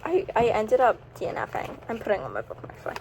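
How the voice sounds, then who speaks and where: A teenage girl with a fairly high, very lively voice rambles through a casual reading recap at home. She giggles often and drops her sentences halfway. A faint hiss runs under the camera mic. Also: fast, gravelly, rough recording. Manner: chatty and scattered, giggly, breaks off mid-sentence. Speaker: book vlogger.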